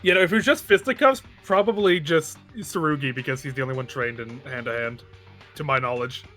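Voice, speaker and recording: A woman's voice: a bass voice, fairly quick, a bit bright. A woman chatting casually on a stream, weighing in on the others' picks. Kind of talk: casual chat. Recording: live stream with faint music.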